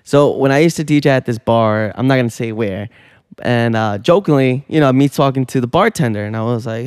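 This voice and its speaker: A man hosting a relaxed studio conversation, his voice dry and close with no room around it. He leans into stories with animated energy, setting up questions for his guests. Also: mid-range voice, quick pace, no room sound. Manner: storytelling, animated. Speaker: podcast host. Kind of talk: casual studio chat. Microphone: studio mic.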